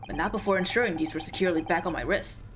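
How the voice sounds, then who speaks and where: A woman's voice: lowish voice, rapid-fire, background noise, lightly acted. A woman reading the lines of a wry, put-upon young man in an adventure game, in her own everyday voice.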